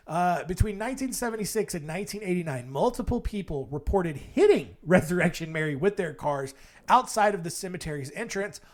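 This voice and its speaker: A man hosts a casual storytelling podcast, reading out ghost tales and breaking off into wry asides. His voice is fairly high and swings widely in pitch. He pads his sentences with fillers as he goes. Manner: wry, digressive, with frequent fillers. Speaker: podcast host.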